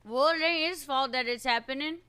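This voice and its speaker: A woman's voice: sits high, a little fast, bright, forceful tone. A woman voicing a blunt, folksy frontier woman in a western roleplay game, talking in a teasing rural dialect. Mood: stubborn. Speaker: roleplay player.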